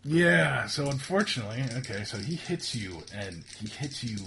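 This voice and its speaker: A man narrates a tabletop role-playing session as its game master, stumbling through fillers and repeated words. His pitch moves a lot as he goes. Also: very animated, normal speed, creaky, bright, forceful tone, a little hiss or hum. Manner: hesitant, many fillers and restarts.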